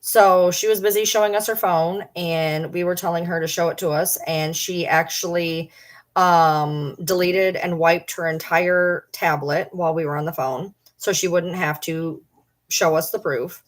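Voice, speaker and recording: A woman's voice: fairly low pitch, measured pace. Blunt, profane middle-aged woman streamer. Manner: blunt, profane, animated retelling. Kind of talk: casual livestream storytelling.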